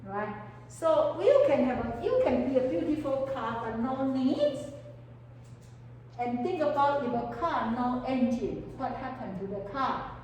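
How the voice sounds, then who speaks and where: A woman's voice: sits high, expressive, a little slow, darkish tone, a little hiss or hum. Woman lecturing in an echoey hall. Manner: questions the class often, answering her own prompts; non-native English phrasing. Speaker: counseling lecturer. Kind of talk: classroom lecture. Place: lecture room with students. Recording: echoey hall, mic far off.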